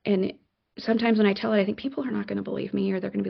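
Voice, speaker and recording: A middle-aged woman, a podcast guest, telling a personal story in an animated, excitable way with many fillers and restarts. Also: mid-range voice, very fast, gravelly, breathy edge, dull audio. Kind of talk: conversational storytelling.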